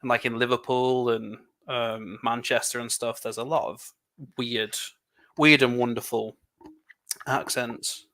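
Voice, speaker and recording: English man, casual stream co-host, sharp bright tone, talkative. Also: mid-range voice, fairly even intonation. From England. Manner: chatty, rambling, quick laughs. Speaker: livestream co-host building LEGO. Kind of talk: casual chat.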